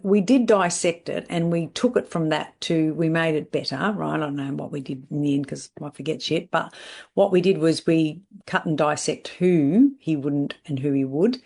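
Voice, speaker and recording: A woman's voice: fairly low pitch, a little mellow. Blunt, emphatic woman coach. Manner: blunt, emphatic, repeats catchphrases and asks "right?". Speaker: salon business coach. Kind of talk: podcast monologue.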